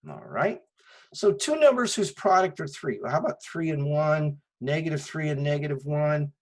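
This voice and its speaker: A man's voice: on the high side, big pitch swings, moderate pace, poor audio. A man teaching a math lecture, explaining step by step with a patient manner and often asking rhetorical questions before he answers them. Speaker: math instructor. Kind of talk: recorded classroom lecture.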